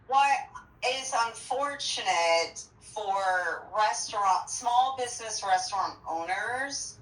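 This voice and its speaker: A woman's voice: mid-range voice, expressive, takes it slowly, fairly bright tone. A woman who owns a restaurant, a guest talking earnestly and with a lot of "like" and "you know.". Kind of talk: casual chat. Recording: echoey room.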